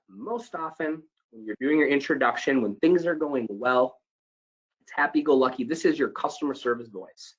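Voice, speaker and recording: Husky-voiced man giving call center training. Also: medium pitch, moderate pace, poor audio. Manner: animated, demonstrates tones, varies volume. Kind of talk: training presentation.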